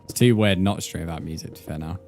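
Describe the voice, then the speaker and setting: Chatty young English man, low voice. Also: racing, a little mellow, soft background music. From England. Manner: chatty, joking, swears freely, reads chat aloud. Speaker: streamer. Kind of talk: casual live-stream chat while gaming.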